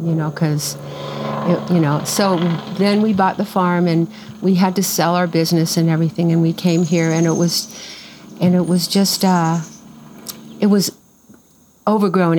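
Older woman, lively rambling storyteller. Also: on the low side, slight background noise, poor audio. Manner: lively, acts out quoted voices, rambling restarts. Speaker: farm owner telling her story. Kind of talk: casual storytelling interview.

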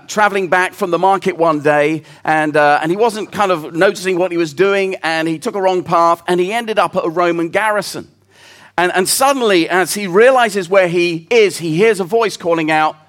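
A man's voice: high voice, normal speed, fairly bright tone. A man preaching a sermon, telling a story in an earnest, reflective way.

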